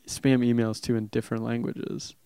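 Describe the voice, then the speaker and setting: A man's voice: medium pitch, flat delivery, normal speed, vocal fry, warm tone, smooth, dry recording, studio quality. A young man, a comedian, telling rambling stories in casual chat and laughing often.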